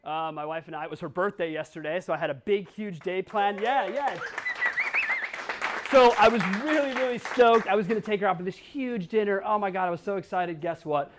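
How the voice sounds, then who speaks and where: A man's voice: high voice, brisk, crowd noise, noisy background. A man from Wisconsin giving a blunt, joking conference talk and swearing now and then. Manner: blunt, swears, jokes with audience. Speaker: conference speaker. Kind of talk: keynote talk. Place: conference hall.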